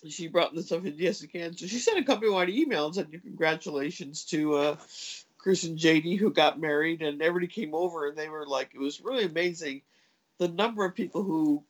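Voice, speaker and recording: A woman telling a long personal story in casual chat, hesitant and full of fillers and restarts, jumping up in pitch when she acts out what others said. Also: brisk, rough recording. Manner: acts out quoted voices with big pitch jumps.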